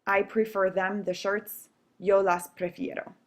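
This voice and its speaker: A woman's voice: mid-range voice, flat delivery, unhurried. Woman teacher, recorded video lesson, patient step-by-step explaining, frequent check-ins. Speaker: Spanish teacher.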